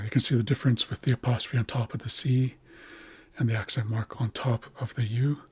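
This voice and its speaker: A man teaching a language's writing system, slowly explaining letters and repeating words to model their pronunciation. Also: mid-range voice, slightly rough, no room sound.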